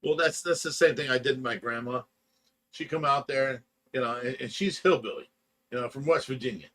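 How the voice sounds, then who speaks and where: A man's voice: mid-range voice, brisk, a bit bright. A man hosting a livestream, chatting casually and telling long rambling stories, laughing along as he goes and sounding tired from little sleep. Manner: rambling, laughs through his own stories. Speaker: livestream host. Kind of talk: casual storytelling chat.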